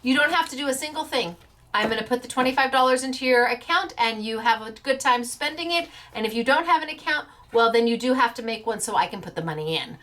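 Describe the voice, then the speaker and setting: A woman's voice: on the high side, lively intonation, fast, fairly bright tone. A woman hosting a craft show in casual chat, bubbly and playful as she announces giveaway winners. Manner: bubbly, playful, stumbles over names with laughs.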